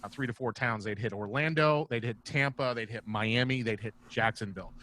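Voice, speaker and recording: A man's voice: mid-range voice, fairly quick, fairly bright tone. A man guest, a comedian and former wrestler, telling rambling, profane stories casually over a video call. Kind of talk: casual storytelling.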